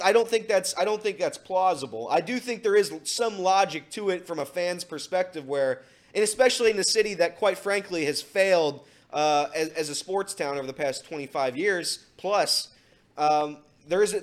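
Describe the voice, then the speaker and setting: A man co-hosting a sports talk show in a studio, reasoning aloud in a measured way with hedges. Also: sits high.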